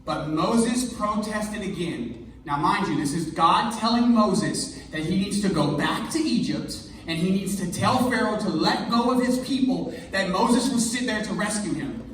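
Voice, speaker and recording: High-voiced, jokey male pastor. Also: normal speed, hardly any pauses. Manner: energetic, conversational, jokey. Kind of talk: sermon. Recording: echoey hall, mic far off.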